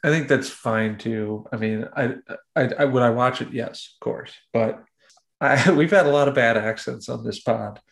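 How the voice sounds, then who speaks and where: A podcast host in casual conversation. He speaks in an ordinary mid-range voice and moves the discussion along with questions in a measured, easygoing way. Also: mid-range voice, gravelly.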